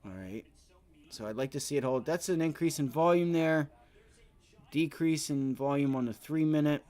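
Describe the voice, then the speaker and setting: A man in his thirties hosts a live day-trading stream, casually commenting on the chart as he talks to himself and his viewers, swearing now and then and getting frustrated at times. His voice is fairly high and a little mellow, at a moderate pace.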